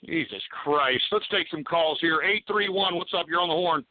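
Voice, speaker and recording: A man's voice: fairly high pitch, moderate pace, dry recording. A man hosting a talk radio show, ranting angrily and cursing as he takes calls. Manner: profane, angry ranting. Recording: tinny phone-like sound.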